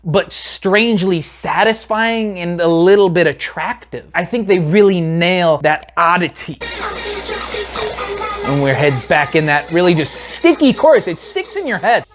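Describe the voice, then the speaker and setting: A man giving a casual, animated commentary on a music video, talking straight to his viewers and swearing now and then. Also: sits high, measured pace.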